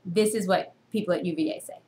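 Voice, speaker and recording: A woman teaching a university reading course in a recorded lecture to a camera, asking her students many questions and jumping up in pitch to stress her points. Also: fast, a little hiss or hum. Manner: teacherly, full of rhetorical questions; expressive jumps in pitch for emphasis.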